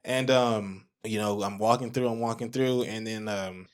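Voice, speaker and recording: A man in his twenties telling a story in casual chat, animated and full of "like" fillers. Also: moderate pace, clear, resonant tone. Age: 20s. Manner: animated, acts out his own reactions in a high excited voice; heavy use of filler "like". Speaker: guest, producer and audio engineer.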